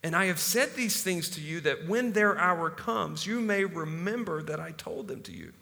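A man's voice: on the high side, moderate pace, creaky, bright, forceful tone. A man preaching a sermon as pastor in a casual, conversational way, with frequent fillers. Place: church hall. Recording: long hall reverb.

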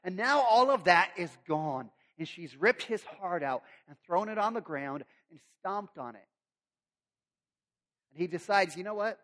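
A male pastor preaches in a relaxed, conversational storytelling way and drops humorous asides along the way. His voice sits fairly high. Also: measured pace. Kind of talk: sermon.

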